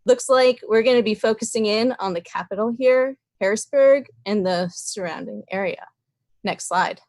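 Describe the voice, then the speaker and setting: A woman's voice: mid-range voice, moderate pace, a little mellow, no room sound, clean studio sound. A woman giving an upbeat, bantering improvised comic presentation over a video call. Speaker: presenter in a slideshow game.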